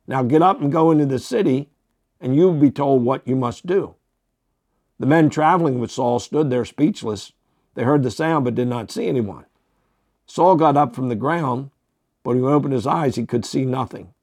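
A man's voice: medium pitch, normal speed, a little mellow, dry recording, studio quality. A man, a pastor teaching the Bible on a podcast, reading verses aloud and commenting with fillers and self-corrections.

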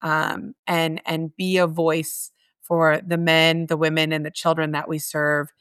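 A woman's voice: low voice, level tone, unhurried, fairly bright tone, clear, resonant tone, no room sound, studio quality. A middle-aged woman being interviewed about her work at a mission, talking in an earnest, heartfelt way with frequent restarts. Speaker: guest, homeless mission staff. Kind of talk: conversational interview.

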